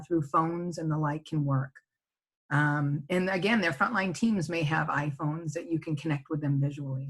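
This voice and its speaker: A middle-aged woman with a husky, slightly low voice talks through a webinar from her home over a video call. Her delivery is conversational and she keeps asking "right?" to check that listeners follow. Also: a bit bright. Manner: conversational, tags points with "right?". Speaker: senior living presenter. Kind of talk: webinar presentation. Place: home office.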